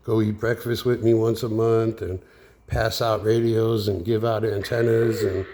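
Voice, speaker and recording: A man's voice: on the low side, level tone, a little slow, warm tone, a little hiss or hum. A man in a heated, profane, rambling rant as he vlogs about radio troubles, with many fillers. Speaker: radio hobbyist vlogger. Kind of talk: angry ranting monologue. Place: recorded with a handheld radio nearby.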